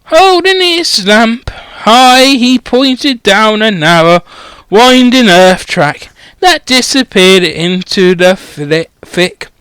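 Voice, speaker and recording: Brief: narrator for a spoof audiobook, deadpan, unhurried, animated intonation. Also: male voice, high voice, clear, resonant tone, dry recording. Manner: slow, deadpan reading with muttered asides. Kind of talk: comic parody audiobook reading.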